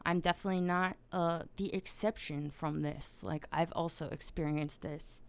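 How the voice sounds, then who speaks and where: A woman's voice: low-pitched, steady tone, moderate pace, creaky, clean tone. A woman hosting a podcast, giving a casual, blunt monologue full of swearing. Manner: blunt and profane, grows loud and heated. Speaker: podcast host.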